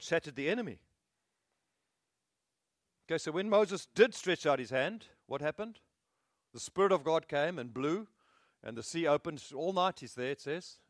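Male preacher, slightly high voice, animated sermon delivery, laughs often. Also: no room sound, clean studio sound. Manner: animated storytelling, chuckles often.

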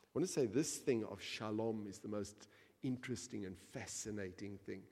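Low-voiced male preacher in a reverberant hall. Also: normal speed. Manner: builds from quiet reading to loud impassioned preaching. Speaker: pastor. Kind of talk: sermon.

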